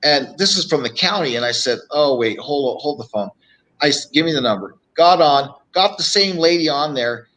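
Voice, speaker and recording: A man's voice: a little high, expressive, moderate pace, fairly bright tone, poor audio. A middle-aged man, a real estate coach, telling stories on a live show and acting out phone calls as he goes. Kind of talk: live show guest storytelling.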